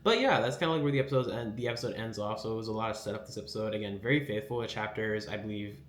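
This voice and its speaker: A man's voice: on the low side, racing, roomy sound, a little hiss or hum. A man hosting a casual anime recap, rambling with lots of fillers and acting out quotes.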